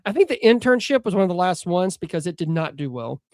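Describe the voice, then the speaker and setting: A man's voice: high voice, big pitch swings, quick pace, darkish tone, no echo, studio quality. A man co-hosting a casual movie podcast, talking in a rambling, hesitant way. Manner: rambling, hesitant, lots of fillers. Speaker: podcast co-host. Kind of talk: casual chat.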